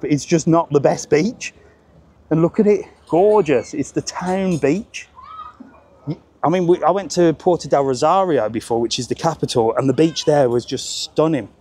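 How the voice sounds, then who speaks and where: A man's voice: on the high side, a little mellow. A man doing a chatty, upbeat live-stream vlog while walking outdoors along a busy seaside promenade, talking into a handheld phone. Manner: chatty and upbeat, chats with passers-by. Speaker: travel vlogger.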